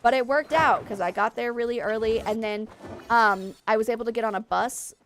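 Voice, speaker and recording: A woman's voice: a little high, a little fast, a bit bright, slight background noise. A woman game streamer, tired from lack of sleep, chatting in a rambling way full of fillers. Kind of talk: casual chat while streaming gameplay.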